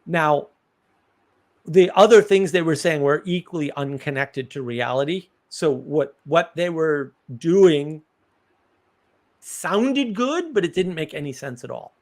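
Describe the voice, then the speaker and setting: Male stream host, fairly high-pitched, casual, explains ideas through examples. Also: expressive, unhurried. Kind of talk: casual live-stream talk.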